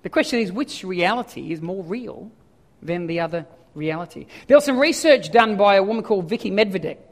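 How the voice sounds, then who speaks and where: High-voiced pastor preaching. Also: male voice, fairly quick. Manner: animated, rhetorical questions, builds to loud emphasis. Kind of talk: sermon. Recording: long hall reverb.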